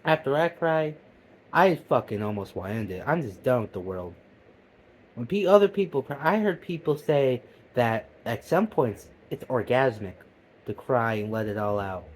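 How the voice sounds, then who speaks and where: A man delivering a profane, heated comedic rant that swings between loud outbursts and low mutters. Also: lively intonation, moderate pace. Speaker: vlogger. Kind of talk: comedic ranting monologue.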